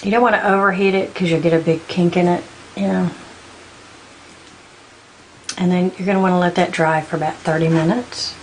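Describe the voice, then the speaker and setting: A woman giving a patient step-by-step beading tutorial, counting out beads slowly as she works. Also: on the low side, fairly even intonation, slight background noise, rough recording. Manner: patient, counts beads aloud in slow steps. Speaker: beading instructor.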